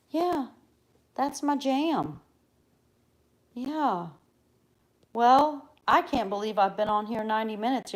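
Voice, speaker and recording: A chatty middle-aged American woman rambles through her craft livestream at a middle pitch. She drifts between quiet mutters to herself and sudden loud, excited bursts, talking casually to her viewers. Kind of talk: casual live-stream chat.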